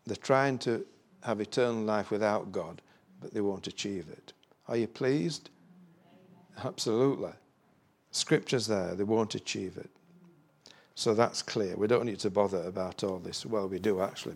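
Male preacher, husky tone, rambling sermon with emphatic bursts. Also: fairly low pitch, darkish tone. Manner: rambling, folksy asides, emphatic rising bursts.

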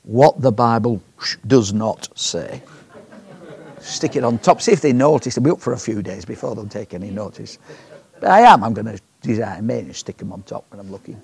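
A man's voice: lowish voice, expressive, a little fast, creaky, darkish tone, husky. A man preaching a sermon in a chatty, joking way, often asking the congregation questions.

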